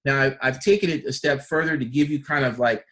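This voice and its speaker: A man's voice: mid-range voice, fairly quick, a bit bright. A man teaching a personal development training session, enthusiastic and full of rhetorical questions and repeated phrases. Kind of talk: instructional talk.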